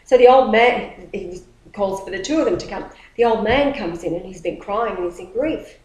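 A woman telling a story in casual talk, animated and rambling, often restarting her sentences. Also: mid-range voice, normal speed. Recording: roomy echo.

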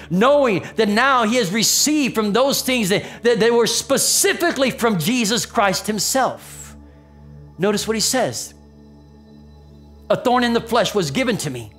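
A man preaching a sermon in a church, emphatic, swinging between raised exclaims and low murmurs. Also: fairly bright tone. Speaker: pastor. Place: church sanctuary.

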